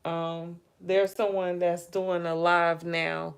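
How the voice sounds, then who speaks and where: A woman hosting a relaxed livestream, her voice sitting a little low and her talk unhurried. She muses aloud about gossip, speaks straight to her viewers and yawns between thoughts. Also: gravelly, clear, resonant tone. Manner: chatty, muses aloud, addresses viewers directly. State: yawning, tired. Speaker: livestream host. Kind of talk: casual live gossip commentary.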